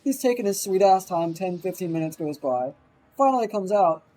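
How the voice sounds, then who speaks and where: Faint music plays behind a man telling a rambling stream anecdote, cursing constantly and acting out quoted voices. He has a high voice at a moderate pace, and the recording quality is low.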